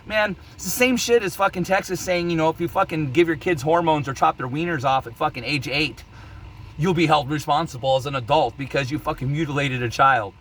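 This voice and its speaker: A man's voice: fairly high pitch, brisk, fairly bright tone, a little hiss or hum. A man ranting to camera in a heated opinion vlog, angry, worked up and swearing constantly. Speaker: vlogger.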